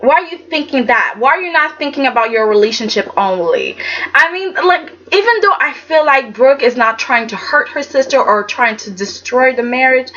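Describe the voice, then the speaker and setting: High-voiced woman chatting, lo-fi. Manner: animated, chatty, acts out quotes in dramatic voices. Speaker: soap opera reviewer. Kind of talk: casual chat. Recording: dull lo-fi sound with faint background noise.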